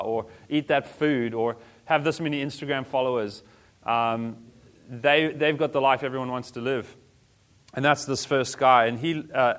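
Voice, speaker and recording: A man, a pastor, giving a sermon in a casual, conversational way with everyday slang. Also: medium pitch.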